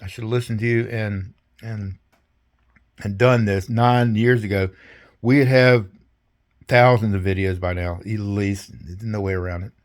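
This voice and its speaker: A man's voice: fairly low pitch, fairly even intonation, measured pace. An older man recounting his service in a rambling, folksy way, speaking casually over a video call. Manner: rambling, folksy, salty, chuckling. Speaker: veteran interviewee. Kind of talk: casual storytelling interview.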